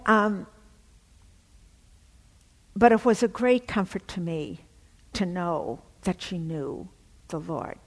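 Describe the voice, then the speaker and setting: A woman giving an emotional personal testimony, telling her story haltingly with many fillers. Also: on the low side, big-room sound.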